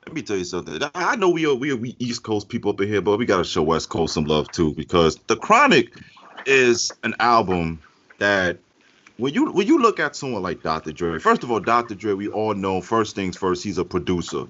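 A man talks through a casual podcast chat in a low, bright, forward voice. He rambles and restarts, his pitch leaping around. The recording is somewhat muffled and lo-fi. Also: big pitch swings, a little fast. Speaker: podcast co-host. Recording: muffled lo-fi audio.

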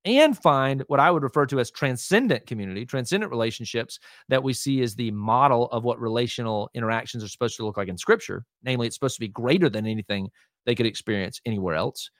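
Pastor guy on a podcast, average pitch, keeps going "right?", "hear me", dry room no echo. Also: lively intonation. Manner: emphatic, teaching tone, keeps asking "right?" and saying "hear me"; many fillers and restarts, quick asides. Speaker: lead pastor, podcast guest. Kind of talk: casual conversational interview.

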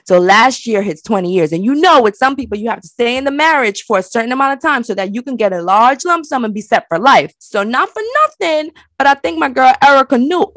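A woman co-hosting a casual recap chat, talking in a sassy, animated, slangy way. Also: fairly high pitch, brisk, hardly any pauses, no echo. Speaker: podcast co-host.

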